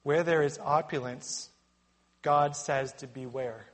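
A man preaching a sermon with emphatic delivery, building to loud warnings and dropping to quiet reflection. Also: medium pitch, steady tone, takes it slowly.

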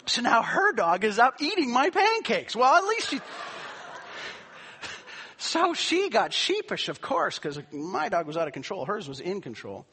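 A man's voice: sits high, very animated, unhurried, pushed and bright, slightly rough. A middle-aged man, a pastor, tells a family story in a conversational way and then preaches with rising emphasis. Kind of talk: sermon with personal story.

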